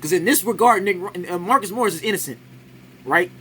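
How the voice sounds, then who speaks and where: High, bright-voiced man ranting. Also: expressive, fairly quick, slight background noise. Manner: argumentative, keeps adding "right?". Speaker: commentator reacting to a sports clip. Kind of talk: casual reaction commentary.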